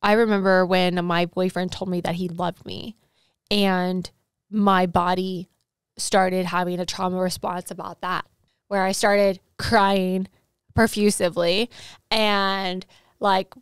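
A woman's voice: on the low side, flat delivery, slow, smooth, dry recording, clean studio sound. A woman hosting her own podcast, telling a personal story in an earnest, emotional way, full of fillers and repeated words. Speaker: podcast host and sales coach.

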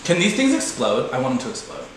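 Talking fast with wildly swooping pitch, a man jokes at his own expense while commenting on the video game he's playing, breaking into abrupt high squeals. The low-quality recording is very echoey, with slight background noise.

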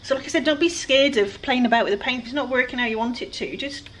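A woman's voice: high voice, fast talker, fairly bright tone, rough recording. A woman with a Welsh accent chatting casually and self-deprecatingly to viewers while she paints furniture outdoors. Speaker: furniture flipper. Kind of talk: casual DIY vlog narration. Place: outdoor work area with flies.

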